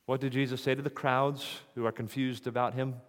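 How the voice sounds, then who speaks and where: A man's voice: mid-range voice, flat delivery, brisk. A man preaching an expository sermon, reading scripture and posing rhetorical questions that build to emphatic peaks. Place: church sanctuary. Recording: long hall reverb.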